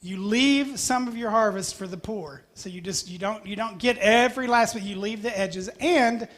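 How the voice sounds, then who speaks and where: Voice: medium pitch, normal speed, fairly bright tone. A preacher giving a conversational sermon, folksy and chatty with humorous asides.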